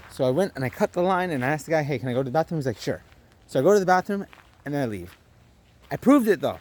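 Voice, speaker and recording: Young man telling a lively story. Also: on the high side, fast talker. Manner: animated storytelling, acting out his own lines. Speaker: vlogger. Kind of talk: storytelling vlog.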